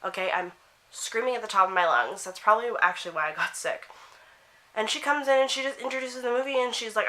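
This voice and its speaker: A young woman chatting excitedly to camera in a casual vlog while doing her makeup at home. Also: fairly high pitch, fast talker. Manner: gushing, excitable storytelling. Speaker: vlogger. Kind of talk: casual chat.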